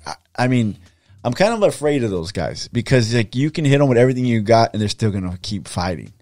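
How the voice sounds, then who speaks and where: A man hosting a podcast, asking relaxed, chatty questions. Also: mid-range voice, brisk, no room sound, clean studio sound, faint music behind. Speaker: podcast host. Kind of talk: casual interview.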